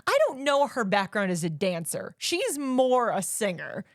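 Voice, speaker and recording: A woman co-hosting a podcast, chatting about a film in a lively, emphatic way and laughing often. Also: mid-range voice, no room sound, clean studio sound. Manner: animated, emphatic, quick to laugh. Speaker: podcast co-host. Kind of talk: casual movie chat.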